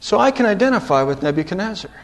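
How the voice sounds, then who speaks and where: A middle-aged male pastor delivering a sermon, with dramatic rises and drops in pitch. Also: very animated, rapid-fire.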